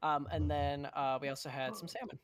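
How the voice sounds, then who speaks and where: A man's voice: on the high side, steady tone, fairly quick, a crowd in the background. A man chatting casually in a voice chat, rambling, swearing often and losing his train of thought.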